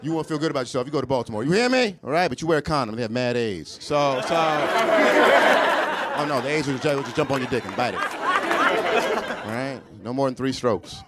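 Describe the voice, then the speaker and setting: Brash, profane stand-up man, lively swooping delivery, live club with loud crowd behind. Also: mid-range voice, brisk, heavy background noise. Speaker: stand-up comedian. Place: comedy club stage.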